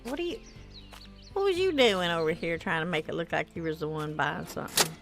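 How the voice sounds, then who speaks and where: A woman's voice: fairly low pitch, lively intonation, fairly quick, gravelly, over music. A tired woman streaming a game, chatting casually and reading viewer comments aloud. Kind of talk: casual gameplay stream chat.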